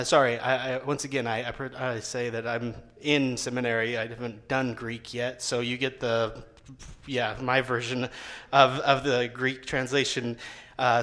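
A young man, a seminary student, preaching a casual sermon in a conversational way and acting out quotes. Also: medium pitch. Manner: conversational, lively, acts out quotes with rising voice.

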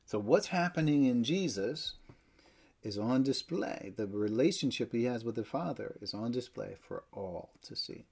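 A man preaching a sermon, emphatic, with loud stresses that drop to near-whispers. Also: medium pitch, expressive, normal speed, gravelly, breathy edge.

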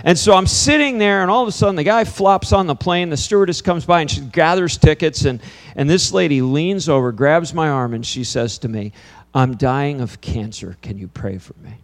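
Animated storytelling pastor in his fifties. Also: on the high side, fairly quick, hardly any pauses. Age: 50s. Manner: animated storytelling that turns quiet and earnest. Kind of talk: sermon with storytelling. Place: church before a congregation.

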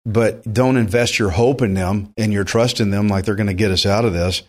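A man's voice: fairly low pitch, fairly even intonation, moderate pace. A man preaching a verse-by-verse sermon, earnest and emphatic, often restarting his sentences as he presses a point. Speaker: pastor.

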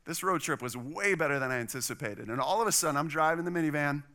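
Man, middle-aged, pastor, sermon, animated storytelling, bright tone. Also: fairly high pitch, fast. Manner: animated storytelling, acts out quoted voices.

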